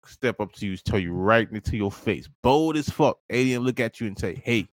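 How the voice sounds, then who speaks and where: A man co-hosting a podcast, telling a wild comic story in a loose, profane way, laughing often and jumping into squeaky high voices. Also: expressive, moderate pace, no echo. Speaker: podcast co-host. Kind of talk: casual comedic storytelling.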